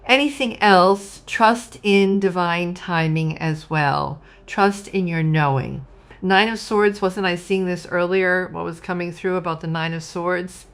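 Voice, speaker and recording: A woman giving a casual spoken tarot reading, animated and acting out quoted voices. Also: measured pace, smooth. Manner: animated, acts out quoted voices with sudden pitch jumps. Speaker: tarot reader.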